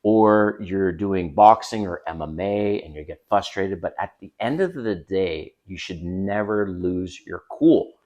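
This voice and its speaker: A man's voice: sits low, a little slow, hardly any pauses, darkish tone, highs cut off. A man giving blunt, emphatic dating advice straight to camera, swearing casually as he coaches. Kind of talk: direct-to-camera coaching talk. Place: home by a busy street.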